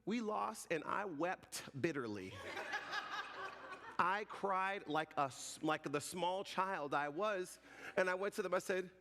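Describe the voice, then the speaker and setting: A man in his forties, a pastor giving a sermon as an animated, joking storyteller. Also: sits high, slow pace, noisy background. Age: 40s. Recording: reverberant hall.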